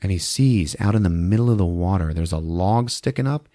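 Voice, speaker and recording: A man hosting a podcast who recaps a movie in casual, animated speech, swearing and acting out the scenes. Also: low voice, fairly quick, no room sound, studio quality. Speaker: podcast host. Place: podcast studio.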